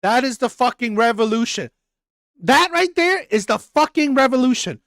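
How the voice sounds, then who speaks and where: A man's voice: very high voice, animated, normal speed, a bit bright, no echo. A man hosts live reaction commentary in a fired-up, expletive-heavy rant. He loops back over the same phrases again and again to drive each point home. His voice comes through close and dry, with no room sound around it. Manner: heated, repetitive, profane. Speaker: reaction channel host. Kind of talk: ranting live commentary reading chat.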